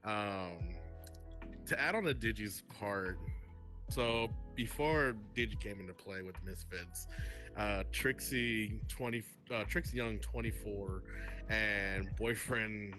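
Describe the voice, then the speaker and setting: A man's voice: lowish voice, slow pace, bright, forceful tone, faint music behind. A congested man co-hosting a casual podcast over virtual-reality voice chat, telling stories with lots of swearing and laughter. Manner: swearing, storytelling, laughs often. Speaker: podcast co-host.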